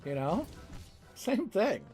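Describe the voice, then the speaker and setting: Young man, game streamer, slow unhurried talk, slightly high voice, rambling, swears a lot, faint music behind. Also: very animated, a little mellow. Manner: rambling, profane, laughs often. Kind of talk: casual chat while gaming.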